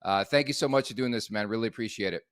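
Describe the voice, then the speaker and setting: A man hosting a hockey talk show who asks quick questions and wraps up the segment. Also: on the low side, fairly bright tone, no echo, clean studio sound. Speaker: host. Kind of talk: casual sports talk.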